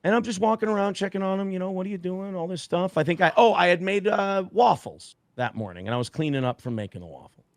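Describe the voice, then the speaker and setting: A man, a guest on a talk stream, telling a story in a casual, profane, animated way and acting out the quotes. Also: high voice, quick pace, dry recording, clean studio sound.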